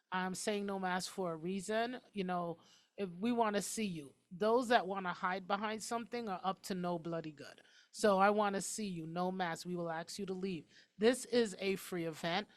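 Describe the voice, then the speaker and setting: A woman hosting a talk show, talking quickly and emphatically in a casual, outspoken way. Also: medium pitch.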